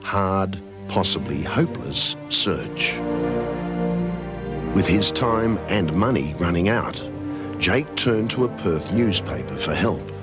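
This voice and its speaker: A male narrator reads a documentary script in a measured, solemn way. His voice is very deep and unhurried, with wide rises and falls in pitch, and music runs clearly underneath. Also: expressive. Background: background music.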